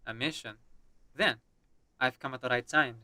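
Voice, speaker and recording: Man playing a young woman soldier, Russian accent, bold, blunt, bright, dry. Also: medium pitch, normal speed, no echo. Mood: eager. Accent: put-on Russian accent. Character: young female recruit, bold and eager to fight.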